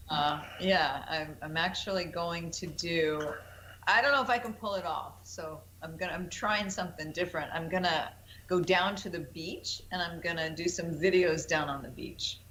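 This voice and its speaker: A woman guest chats casually on an internet radio show, grateful and a little coy as she teases what is coming next. Her voice sits on the low side. A clear hiss runs under the recording. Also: normal speed, a bit bright, rough recording. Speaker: musician guest.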